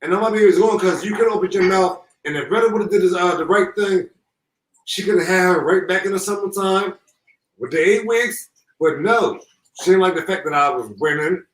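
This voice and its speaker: A grieving father speaking through tears, halting and repeating himself with deep emotion. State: holding back tears. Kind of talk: emotional live call-in. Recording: echoey call from far off.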